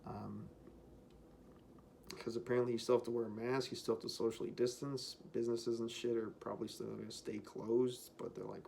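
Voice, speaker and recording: Rambling man ranting with flat delivery. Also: on the low side, brisk, gravelly, slight background noise. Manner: rambling, profane, with frequent fillers. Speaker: vlogger. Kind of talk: casual spoken rant.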